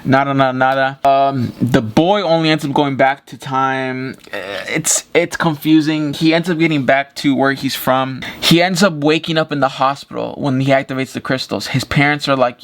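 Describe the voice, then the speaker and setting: A man's voice: mid-range voice, steady tone, moderate pace. Rambling, cursing male movie reviewer. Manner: rambling, profane, repeats himself. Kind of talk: casual spoken movie review. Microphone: camera with ring light.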